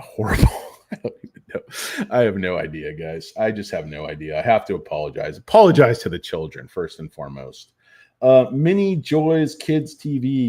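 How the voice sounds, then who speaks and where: A man giving casual, rambling stock commentary, loose and profane, drifting off topic. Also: lowish voice. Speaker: stock vlogger.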